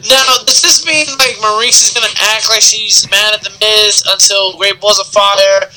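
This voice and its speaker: A man co-hosting a casual wrestling podcast, excitable and sarcastic, quick to react to his co-host. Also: high voice, low-quality recording.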